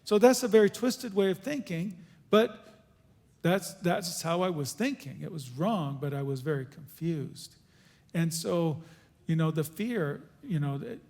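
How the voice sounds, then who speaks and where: Earnest male speaker telling his story, a little high-pitched, echoing church hall. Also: gravelly, a little mellow. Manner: earnest, halting, with restarts. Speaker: guest speaker. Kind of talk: conference Q&A testimony. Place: church auditorium.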